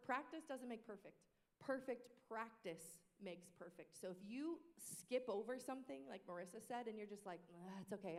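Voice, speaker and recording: Woman panelist in a reverberant room. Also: a little high. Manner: animated, sings short phrases to demonstrate. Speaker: worship team panelist. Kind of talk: casual panel discussion.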